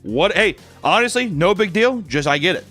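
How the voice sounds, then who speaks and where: A man's voice: sits high, lively intonation, moderate pace, bright, forceful tone, faint music behind. Joking, crude male streamer. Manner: crude, joking, sarcastic asides. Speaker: streamer reading fan messages. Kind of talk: casual chat.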